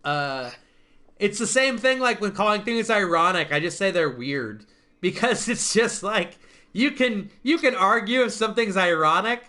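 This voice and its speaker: A man's voice: sits high, animated, normal speed, pushed and bright. A man hosting a casual online chat, rambling with restarts and frequent laughter. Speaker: stream host.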